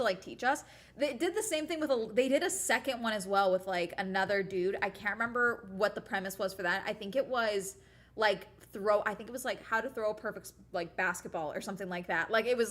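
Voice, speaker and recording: A woman's voice: mid-range voice, a little fast, a bit bright. A young woman from the United States chatting casually on a livestream, rambling and sarcastic as she talks to her chat. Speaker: streamer.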